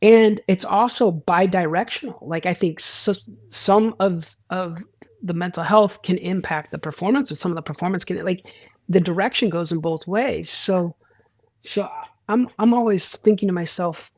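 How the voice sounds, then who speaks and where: A man's voice: high-pitched, normal speed, no echo, clean studio sound. A man, a sports psychologist, talking as a guest in a casual interview, rambling with restarts and acting out quoted dialogue.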